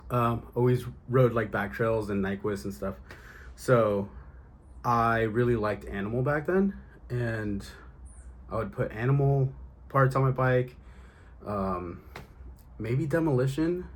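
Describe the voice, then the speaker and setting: A man's voice: medium pitch, slow, long pauses. A man in his thirties or forties, out of breath after riding, rambling casually with lots of ums in an outdoor vlog. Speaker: BMX rider vlogger. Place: outdoors on a street.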